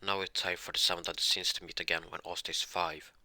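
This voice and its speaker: A man narrating an improvised fan-fiction story, halting with many restarts and self-corrections. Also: low voice, level tone, bright, forceful tone, no echo.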